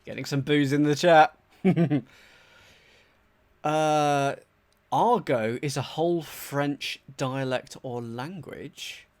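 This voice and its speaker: A man from England streaming live as he solves a crossword, thinking aloud in a chatty, animated way and greeting his viewers. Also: on the high side, drawn-out words, pauses often.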